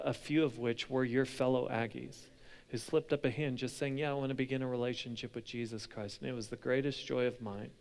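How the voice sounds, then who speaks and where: A young adult man preaching a sermon as pastor, moving between hushed, intense passages and loud, animated storytelling. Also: medium pitch, gravelly.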